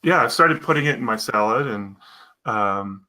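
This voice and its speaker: Male guest, bright tense tone, relaxed chatty delivery. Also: mid-range voice, moderate pace. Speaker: guest on a live video show. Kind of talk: casual live-stream chat.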